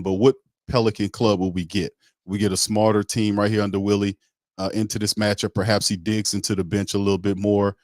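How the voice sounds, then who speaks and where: A man hosting a casual sports podcast, slangy and animated, laughing often. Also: on the low side, no echo, studio quality. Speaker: podcast host.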